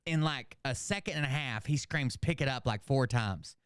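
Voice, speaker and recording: A man's voice: medium pitch, moderate pace, no echo, clean studio sound. Profane man ranting through a movie recap. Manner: profane, animated, acts out characters in shouts. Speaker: channel host. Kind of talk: casual movie recap rant.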